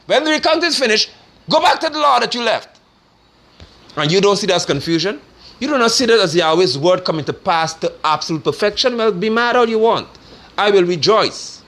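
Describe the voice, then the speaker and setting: A man giving forceful, scornful political commentary in a preaching manner. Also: high-pitched, animated, fairly quick. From Guyana. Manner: forceful, scornful, rising to sermon-like declarations.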